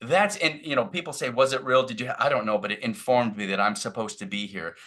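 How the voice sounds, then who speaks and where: A man who is a podcast guest on a video call, telling a story in an animated way and acting out the dialogue. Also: fast. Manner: animated, acts out dialogue with big pitch jumps. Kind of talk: storytelling in conversation.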